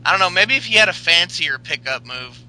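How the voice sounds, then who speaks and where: A man's voice: high-pitched, lively intonation, fairly quick, bright, forceful tone, rough recording. A man co-hosting a casual podcast chat, meandering with lots of fillers and crude jokes. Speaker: podcast co-host.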